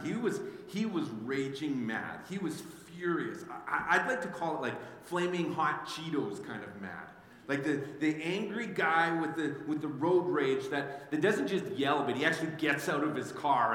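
A man preaching a sermon as a pastor, telling the story in an animated way and often repeating words as he goes. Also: on the high side, moderate pace. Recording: echoey hall with faint ambience.

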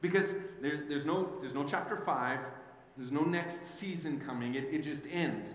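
A male pastor preaching a sermon, telling the story with animated restarts and acting out the figures. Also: fairly high pitch, moderate pace. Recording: very echoey hall, faint background noise.

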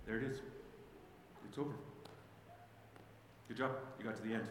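A male pastor preaching a sermon, telling the story with animated restarts and acting out the figures. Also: mid-range voice, moderate pace, pauses often. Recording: very echoey hall, faint background noise.

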